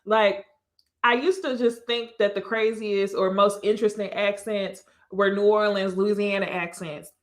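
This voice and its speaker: A woman's voice: mid-range voice, fairly even intonation, measured pace. A woman from Texas with a slight Texas accent, hosting a casual live stream on her channel, chatting to viewers and laughing often. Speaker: YouTube host.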